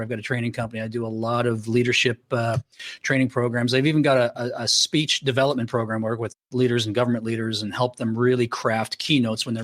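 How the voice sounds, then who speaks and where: A man's voice: mid-range voice, a bit bright. A middle-aged man with a South Florida accent, a podcast guest telling stories animatedly and acting out dialogue with many restarts. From Canada, raised in Florida. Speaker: podcast guest, sales trainer. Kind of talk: casual interview storytelling.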